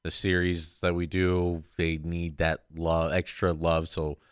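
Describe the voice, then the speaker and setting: A man's voice: low voice, flat delivery, slow pace, clean tone, dry recording, clean studio sound. Profane, rambling young man telling stories. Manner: rambling storyteller, loose and profane, acts out voices in quotes. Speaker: podcast co-host. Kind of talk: casual podcast chat.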